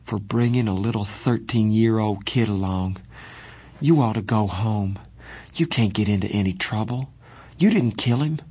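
A man's voice: lowish voice, normal speed, warm tone, breathy edge. A man reading an audiobook and voicing a frightened, guilt-ridden teenage boy who speaks weakly with a quavering voice. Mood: miserable. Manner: quavering, weak voice. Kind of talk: audiobook character voice.

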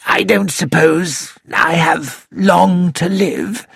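A man's voice: high-pitched, sing-song, takes it slowly, gravelly, fairly bright tone, slightly rough, dry recording, studio quality, voice pushed up, full character voice. A man voicing a weak, self-pitying elderly man in a read-aloud story. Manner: feeble, whining, peevish.

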